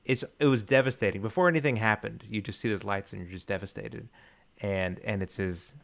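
A man's voice: on the low side, brisk, vocal fry, fairly bright tone. A man co-hosting a podcast, talking casually about a film with enthusiasm, restarting his sentences often. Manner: enthusiastic, rambling with many restarts and fillers. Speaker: podcast co-host.

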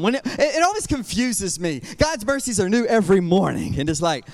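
A man's voice: sits high, sing-song, fairly quick, vocal fry, in a large hall. A young adult man preaching a sermon as pastor, passionate and conversational, with restarts and fillers. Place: church sanctuary.

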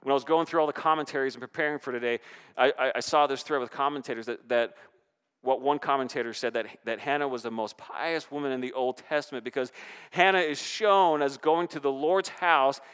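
A man preaching a sermon in a church, animated, with rising and falling emphasis. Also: medium pitch, brisk, smooth. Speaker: pastor. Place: church sanctuary. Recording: reverberant church hall.

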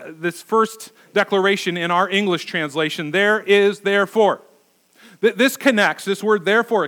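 A man's voice: high-pitched, fairly bright tone. A man preaching as a pastor, conversational and emphatic, asking his listeners rhetorical questions. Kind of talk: sermon.

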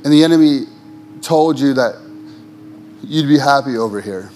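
Over a faint hiss or hum, a male pastor preaches at a normal pace. His phrasing is rhythmic and repetitive, and he alternates fervent high moments with sudden low, soft emphasis.

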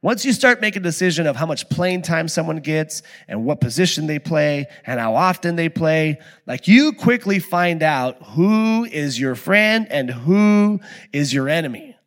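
This middle-aged male pastor's sermon feels like a conversation, drifting between hushed, thoughtful moments and energetic, loud stories. His voice is on the high side, at a moderate pace.

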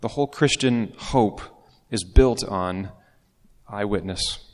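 A man's voice: lowish voice, slow. A man preaching a sermon as pastor, in a conversational way with casual asides. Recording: long reverb of a large hall.

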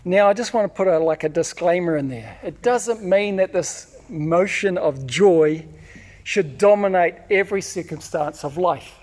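A pastor with a high-sitting voice preaches unhurriedly, telling personal stories with animation. He acts out shouts and often repeats words.

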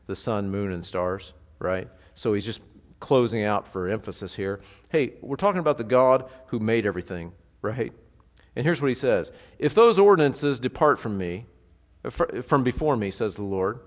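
A pastor teaching a sermon in a conversational, animated way, asking the congregation rhetorical questions. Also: male voice, mid-range voice, long reverb tail.

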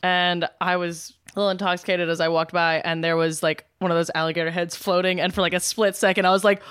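This woman from Alabama co-hosts a podcast and tells funny stories in a casual, animated way. Her voice is smooth and a little low, recorded dry and close to the mic. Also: fast, hardly any pauses, dry recording. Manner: animated, laughs often. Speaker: podcast co-host. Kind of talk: casual storytelling.

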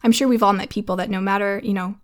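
An earnest woman in her thirties hosts a faith podcast for mothers. She sits at a middle pitch and talks in a heartfelt, conversational way. She laughs easily and speaks with feeling. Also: fairly even intonation, fast. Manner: earnest, warm-hearted, laughs often, tears up reading lyrics. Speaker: podcast host.

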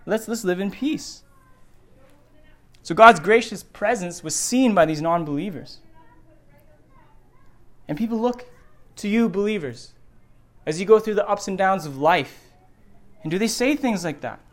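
A man's voice: high voice, lively intonation, moderate pace, long pauses. A middle-aged man preaching a sermon in a church, earnest and repeating phrases for emphasis. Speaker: pastor. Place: church sanctuary.

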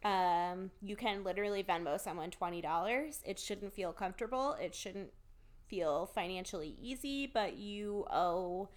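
A woman's voice: medium pitch, moderate pace. A young woman co-hosting a podcast in casual chat, earnest and outspoken with jokey asides. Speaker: podcast co-host.

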